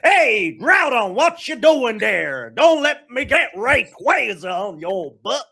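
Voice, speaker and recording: A man's voice: extremely high pitch, big pitch swings, takes it slowly, vocal fry, sharp tone, slightly rough, voice pushed up, full character voice. A man voicing a folksy sea monster creature with a mock Texan accent. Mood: jokey.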